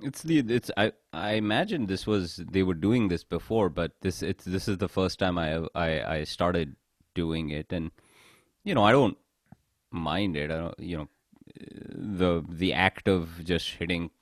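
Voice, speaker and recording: A man with a very low voice tells stories in a loose, joking way, swearing and laughing a lot. The sound is dry and close, with no room around it. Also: measured pace, dry recording. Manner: jokey, laughs often, swears. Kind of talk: casual chat.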